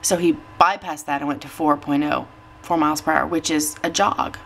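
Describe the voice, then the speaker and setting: A woman talks straight to her camera at home, her voice sitting low and a little teary. She rambles warmly, laughing at herself as she goes, with a faint hiss of noise underneath. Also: fairly even intonation, moderate pace, gravelly. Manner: chatty, emotional, laughs at herself. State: tearful. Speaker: weight-loss vlogger. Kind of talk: casual chat to camera.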